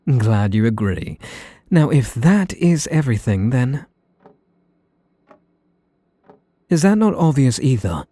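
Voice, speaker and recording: A man with a British accent playing a possessive, sweetly menacing young male mage in an ASMR role-play, talking in a soft, teasing, condescending way. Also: mid-range voice, very animated, moderate pace, breathy edge, no room sound.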